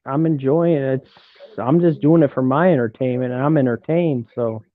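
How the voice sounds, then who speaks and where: A man's voice: mid-range voice, moderate pace. A man hosting a live stream, talking in a loose, laid-back way and swearing casually. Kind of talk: casual chat. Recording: tinny phone-like call audio.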